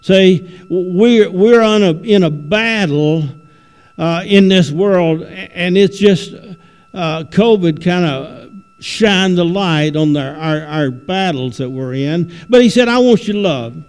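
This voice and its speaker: A man with a high voice preaches a plain, folksy sermon, stumbling and restarting as he goes. His voice rings with a long reverb through the church sanctuary. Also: slow, a little mellow, smooth. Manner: folksy, repeats words and restarts often. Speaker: visiting preacher.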